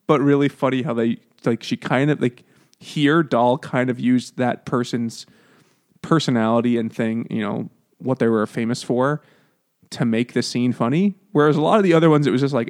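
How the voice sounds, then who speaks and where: A man in casual banter on a comedy book podcast, with a middling pitch. He laughs often and drops into playful character voices when quoting scenes. The talk stays loose and jokey throughout. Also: moderate pace, a little mellow. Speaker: podcast co-host.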